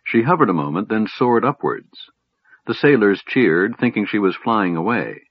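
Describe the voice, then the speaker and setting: A man reads a fantasy novel aloud in a measured, dramatic way, his voice low and husky. The recording is dry and dull, with a lo-fi quality. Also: lively intonation, no echo. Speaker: audiobook narrator. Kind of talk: scripted fantasy narration.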